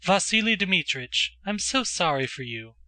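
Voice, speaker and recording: An excitable, earnest teenage girl, put on by a man reading a storybook, breathless and pleading. Her voice sits high, bright and crisp, recorded dry and close with no room sound. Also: unhurried, dry recording, exaggerated voice.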